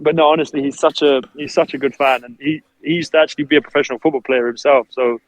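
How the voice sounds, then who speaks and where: A man's voice: medium pitch, fairly even intonation, quick pace, hardly any pauses, no echo, poor audio. A man, a basketball player, chatting casually as a podcast guest, laughing often and acting out what his family says. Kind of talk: casual interview chat.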